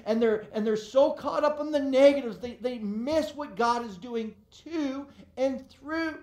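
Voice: sits high, unhurried, a little mellow. A pastor preaching a sermon to a live congregation, earnest, often repeating and restarting phrases for emphasis. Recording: roomy echo of a hall.

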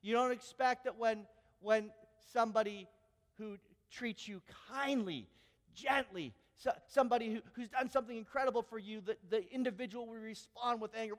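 A man preaching a sermon to a congregation, animated, acting out quoted voices and reading scripture aloud. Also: very high-pitched, normal speed, long reverb tail. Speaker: pastor.

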